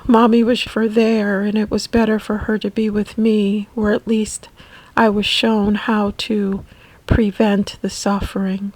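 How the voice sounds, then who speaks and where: A woman narrating a personal caregiving memoir, emotional and halting, often repeating words. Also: medium pitch, little pitch movement, darkish tone, dry recording, rough recording. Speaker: family caregiver.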